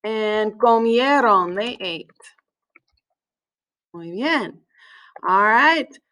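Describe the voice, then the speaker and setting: A woman teaching a recorded language lesson in a relaxed way, with many fillers, slowing down to spell words out. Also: mid-range voice, low-quality recording. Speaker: Spanish teacher.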